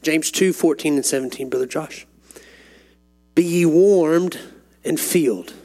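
Gravelly high-voiced preacher man. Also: measured pace, dark tone. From Texas. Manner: rising to fervent, climbing pitch when stirred. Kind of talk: sermon.

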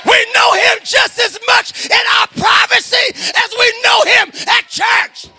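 A man preaching a fervent sermon to a congregation in a church, shouting his words and breaking into hallelujahs and amens. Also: very high voice, fairly even intonation, measured pace, a faint crowd, a little hiss or hum. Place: church sanctuary before a congregation.

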